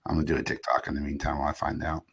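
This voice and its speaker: A male podcast host with a very low voice, chatting casually. He talks in halting bursts and often lets his sentences trail away. His tone is wry and self-deprecating. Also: level tone, gravelly, a bit bright, breathy edge. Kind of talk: casual chat.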